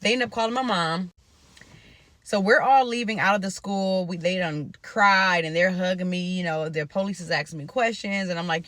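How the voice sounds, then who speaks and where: Bright-voiced woman telling a storytime vlog, swears a lot, talks right to the viewers. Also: on the low side, normal speed, no room sound. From Omaha, Nebraska. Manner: loose, profane, speaks to viewers directly.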